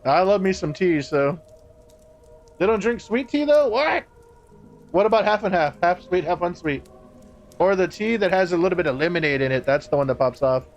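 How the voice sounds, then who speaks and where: A man's voice: sits high, animated, fairly quick, dull audio. A man streaming a game live, chatting casually, swearing and laughing as he banters with his chat. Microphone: streaming microphone.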